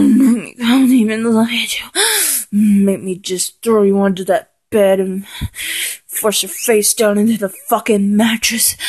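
A woman performing an intimate adult audio role-play in a dominant voice, murmuring, moaning and half-whispering close to the mic. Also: mid-range voice. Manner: dominant, breathy murmuring with frequent moans and half-whispered lines.

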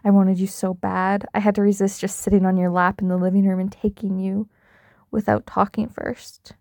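A young adult woman performing an intimate audio role-play in a teasing, dominant, soft-spoken way with whispered asides. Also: mid-range voice, flat delivery, normal speed, gravelly, no echo, clean studio sound.

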